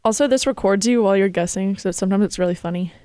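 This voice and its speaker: A woman's voice: medium pitch, very fast, warm tone, no room sound. Woman radio co-host, casual and upbeat, dry studio mic. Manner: giggly, upbeat, runs the segment. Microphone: studio microphone.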